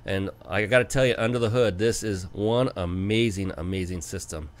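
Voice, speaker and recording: A man hosting a business talk show, chatting enthusiastically and spelling out details slowly. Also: deep voice. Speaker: show host. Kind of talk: casual interview talk.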